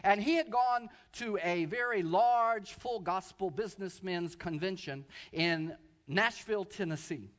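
A man preaching a sermon who tells a story, swinging from quiet asides to loud, shouted preaching. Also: high-pitched, unhurried, dull audio. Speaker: pastor.

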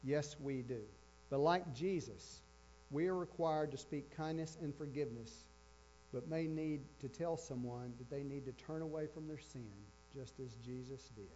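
A man's voice: a little high, normal speed, darkish tone. A man preaching a sermon with emphasis, repeating his key phrases. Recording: dull lo-fi with faint electrical hum.

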